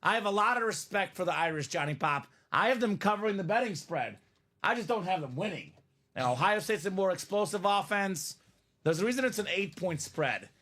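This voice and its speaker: A man's voice: sits high, lively intonation, brisk, bright, forceful tone. A man hosting a live stream, chatting casually and reading viewer comments aloud.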